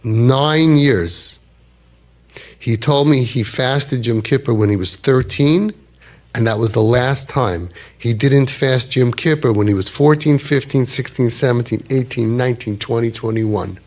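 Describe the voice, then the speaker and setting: A man in his fifties, speaking at an unhurried pace in a medium-pitched voice, tells a personal story with animation. He peppers it with Yiddish and Hebrew words.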